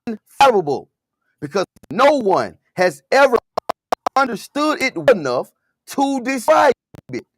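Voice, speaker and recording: Lively high-pitched man musing aloud. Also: measured pace, background noise. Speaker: host of a talk show. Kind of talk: casual show talk.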